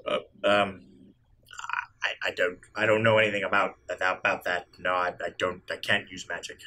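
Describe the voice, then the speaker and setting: A man voicing a nervous male high elf who stammers through flustered denials. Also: moderate pace, pushed and bright, slight background noise.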